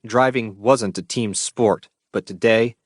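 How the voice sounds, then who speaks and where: Man, first-person audiobook narration, blunt and profane, lowish voice, dry sound. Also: fairly even intonation, measured pace, no echo.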